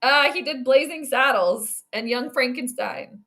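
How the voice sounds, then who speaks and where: A woman with a high, fairly bright voice swings widely in pitch, speaking a little slowly yet with hardly any pauses. Hosting a casual livestream, she rambles through game play-by-play, greets viewers, goes off on tangents and makes astrology predictions.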